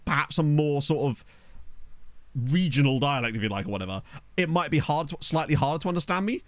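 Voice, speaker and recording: A man with a neutral British accent chatting quickly and casually to his live-stream viewers while playing a football management game. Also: a little high, expressive, no room sound. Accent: neutral British English. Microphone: desktop USB microphone.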